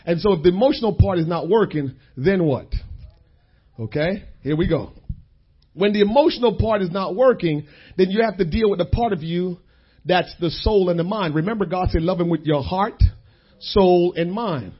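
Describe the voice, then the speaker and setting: A man preaching a sermon, repeating key lines and calling out to the congregation in drawn-out phrases. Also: sits high, slightly rough, muffled recording.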